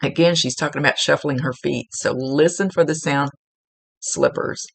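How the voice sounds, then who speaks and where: A woman psychic medium giving a casual, gently instructive reading, relaying messages with chatty asides. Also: deep voice, moderate pace, creaky. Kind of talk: casual spoken reading to a client.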